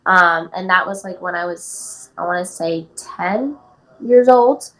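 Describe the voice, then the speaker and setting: A woman's voice: lowish voice, slow, fairly bright tone, rough recording. An eighteen-year-old woman from California, telling a personal story as a podcast guest in a casual way, full of "like" and "um". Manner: chatty, many "like" and "um" fillers. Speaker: guest athlete.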